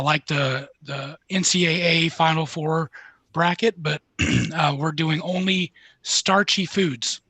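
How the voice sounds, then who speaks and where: High-voiced man hosting. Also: sharp tone, breathy edge, dry recording. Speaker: podcast host. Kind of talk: casual podcast chat.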